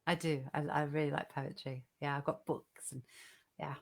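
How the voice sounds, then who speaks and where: A woman co-hosting an online show, reading a poem aloud in a measured, rhythmic way and then chatting casually over a video call. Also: deep voice, steady tone, gravelly. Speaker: co-host reading poems. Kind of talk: poetry reading and casual chat.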